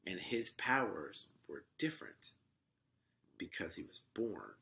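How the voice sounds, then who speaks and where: A man recapping a film on a casual podcast, animated and full of questions. His low voice is gravelly with a bright, forward edge. He speaks at an unhurried, slow pace. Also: slight background noise. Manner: animated retelling of scenes, asks questions. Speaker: podcast co-host. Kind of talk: casual movie review chat.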